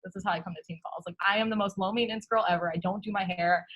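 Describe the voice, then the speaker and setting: A woman's voice: mid-range voice, steady tone, rapid-fire, fairly bright tone, lo-fi sound. A young woman chatting casually on a video call, telling a funny story with lots of laughter and casual swearing. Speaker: guest coach.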